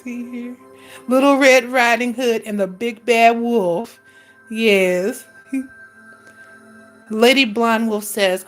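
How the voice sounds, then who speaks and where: A woman's voice: a little high, steady tone, slow pace, pauses often, faint music behind. Laughing woman host reading viewer comments. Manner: laughs often, teasing, calls viewers honey. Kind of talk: casual chat.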